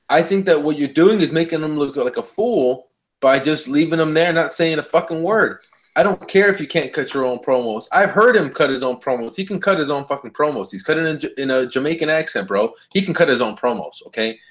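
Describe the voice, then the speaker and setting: A man's voice: on the high side, expressive, brisk. A man co-hosting a casual podcast, ranting heatedly with lots of swearing. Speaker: podcast co-host. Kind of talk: casual wrestling chat.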